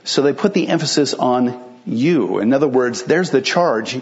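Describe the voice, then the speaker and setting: A man's voice: medium pitch, expressive, normal speed, darkish tone, lo-fi sound. A male pastor preaching a sermon in a conversational, explanatory way, asking rhetorical questions and answering them.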